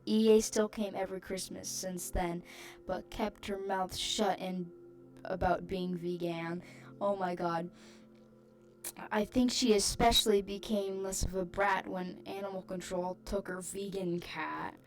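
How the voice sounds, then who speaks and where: A woman's voice: mid-range voice, steady tone, unhurried. Giggly woman reading a rhyming post. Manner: giggly, amused asides between lines. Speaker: channel host reading posts aloud.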